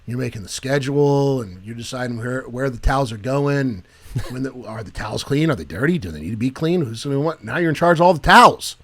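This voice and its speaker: A man's voice: mid-range voice, expressive, a little fast, fairly bright tone. A man in a mid-range voice co-hosting a Christian talk podcast. He jokes with rising energy, then turns earnest and preachy. He speaks casually to his co-host. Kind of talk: casual faith chat.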